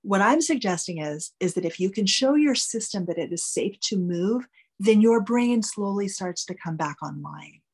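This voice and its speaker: A woman talking candidly in a casual podcast conversation, explaining with animated emphasis and free swearing. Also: mid-range voice, normal speed, slightly rough. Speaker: guest expert.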